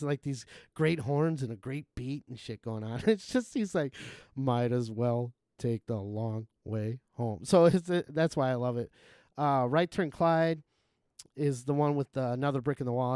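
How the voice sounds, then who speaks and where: A man hosting a live game stream, rambling and swearing freely as he chats, often breaking into chuckles. His voice sits at an ordinary middle pitch, and the sound is close and dry, with no room around it. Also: normal speed, a little mellow, no room sound. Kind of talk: casual gaming-stream chat.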